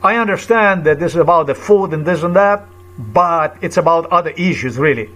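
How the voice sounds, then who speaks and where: A man's voice: a little high, animated, a bit bright. Agitated man telling a rambling story. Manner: halting, repetitive, searching for words; agitated and indignant. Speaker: vlogger. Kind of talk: rambling personal account.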